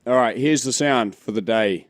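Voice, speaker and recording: A man's voice: medium pitch, normal speed, dry recording, studio quality. A man co-hosting a podcast, self-deprecating and laughing as he chats casually. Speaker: podcast co-host. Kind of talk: casual chat.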